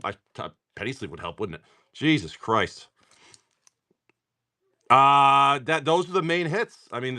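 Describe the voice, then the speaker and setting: Excitable tired man opening card packs live. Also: medium pitch. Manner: excitable, swears and laughs, talks to viewers by name. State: tired from poor sleep. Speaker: livestream card seller. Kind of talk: casual live-stream chat while opening card packs.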